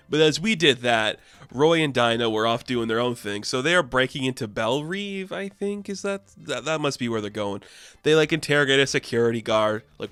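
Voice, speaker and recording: Young male comic reviewer, casual and rambling, mid pitch, dry booth sound. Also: lively intonation, brisk, a bit bright, clear, resonant tone, no room sound. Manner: rambling, frequent "like", acts out characters. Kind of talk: casual chat.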